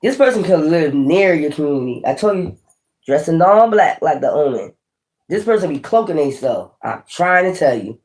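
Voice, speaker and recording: A man giving a casual tarot reading, blunt and profane, with animated swings in delivery. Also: on the high side, moderate pace. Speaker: tarot reader.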